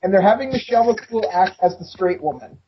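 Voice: medium pitch, animated, brisk. A podcast co-host with a mid-range voice chats casually about wrestling, laughing often and keeping it easygoing. The audio is dull and lo-fi, with faint noise behind.

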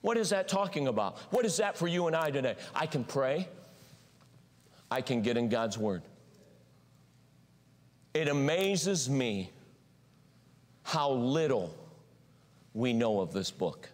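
A pastor preaching a sermon in a church, animated, acting out little voices and shouting for emphasis. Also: male voice, medium pitch, slow, pauses often. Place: church sanctuary. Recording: long hall reverb.

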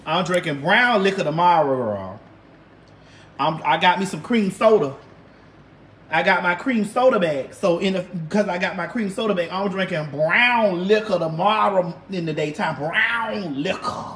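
Heard in an echoey room, a woman runs a casual livestream and banters with viewers, brash and sassy in a drawling way and cursing freely. Her voice is fairly low, a bit bright, and animated at a moderate pace.

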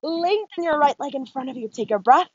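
A woman with a high voice leads a yoga class, giving calm, steady cues between breaths. The sound is dry and slightly dull. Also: fairly quick, no echo. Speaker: yoga instructor. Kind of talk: guided yoga class instruction.

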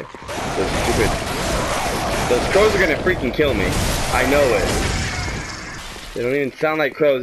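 Young male gamer, frustrated running commentary, animated delivery, slight noise in the recording. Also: mid-range voice. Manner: exasperated, talks to the game, swings from mutters to shouts. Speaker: gameplay commentator. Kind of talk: let's play commentary.

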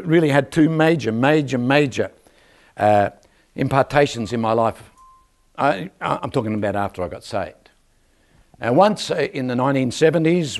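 An older man preaching a lively church sermon, joking and calling out for amens from the congregation. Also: medium pitch. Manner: animated, joking, calls for amens from the crowd. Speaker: guest preacher. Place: church service.

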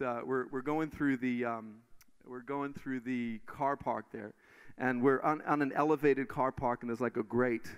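A man preaching in church and telling testimonies in an animated way, full of restarts. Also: on the high side, clean tone. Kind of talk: sermon testimony. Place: church stage.

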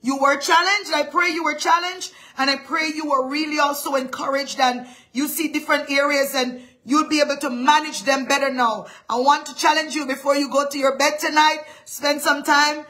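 A woman's voice: high voice, fairly even intonation, moderate pace, few pauses, a bit bright. A middle-aged woman pastor delivering a live-streamed sermon in an emphatic, dramatic manner.

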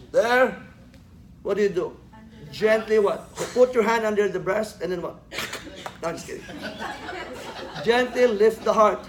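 A man lecturing a class, quizzing students with questions and joking as he teaches. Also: high voice. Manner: joking, laughs at his own jokes. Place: lecture room. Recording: echoey classroom with faint noise.

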